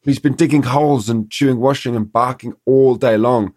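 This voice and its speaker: A man's voice: mid-range voice, moderate pace, no echo, clean studio sound. A middle-aged man, a dog trainer in a podcast conversation, explaining his ideas and acting out little quotes from dogs and owners. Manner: animated storyteller, acts out dog and owner quotes.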